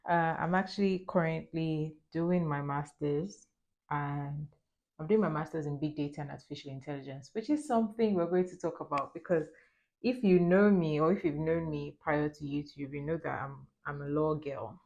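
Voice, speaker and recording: A young woman with a notably low, deep-set voice, talking casually to her camera while getting ready. She tells her story in a chatty, animated way, laughing easily between lines. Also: normal speed, lo-fi sound. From Nigeria. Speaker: lifestyle vlogger. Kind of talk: casual get-ready-with-me chat.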